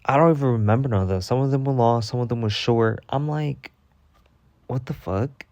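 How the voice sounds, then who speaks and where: Speaking quickly in a mid-range voice, a man delivers a ranting storytime monologue full of heated, animated swearing. There's no room sound at all.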